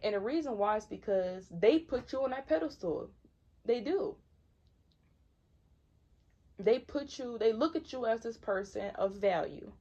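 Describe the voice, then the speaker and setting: A woman's voice: a little high, expressive, measured pace, long pauses, dark tone, lo-fi sound. A woman in her twenties from Michigan giving a casual, slangy tarot reading, repeating herself for emphasis. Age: 20s. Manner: conversational, repetitive, slangy, emphatic. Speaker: tarot reader.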